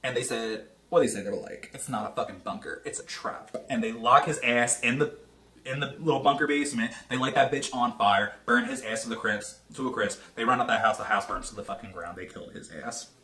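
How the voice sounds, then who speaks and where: A man giving a casual, animated movie review, talking fast and swearing a lot. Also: mid-range voice. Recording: echoey room.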